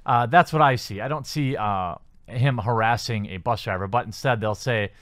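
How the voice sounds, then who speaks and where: A man's voice: medium pitch, normal speed, a bit bright, no room sound, studio quality. A man hosting a commentary channel, reading news articles aloud and picking them apart with sarcastic, skeptical remarks and many fillers.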